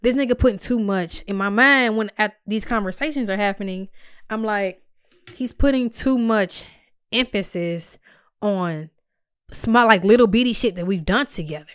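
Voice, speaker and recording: A young woman tells a personal story in a blunt, heavily profane, animated way. Her voice sits at an ordinary middle pitch and is recorded close and dry, with no room sound. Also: normal speed, smooth, no room sound. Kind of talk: casual storytelling.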